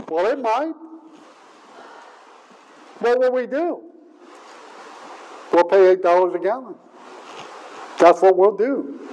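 High-voiced preacher, slow and earnest. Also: male voice, a little mellow, low-quality recording. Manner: earnest, repeats words, rises to emphatic stresses. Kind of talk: sermon.

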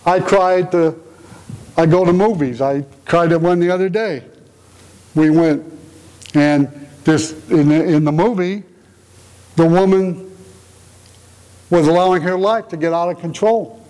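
A man's voice: high voice, steady tone, unhurried, long pauses, darkish tone, rough recording. A man preaching a conversational sermon in an earnest, emotional way, often asking rhetorical questions. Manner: emotional, tender-hearted delivery.

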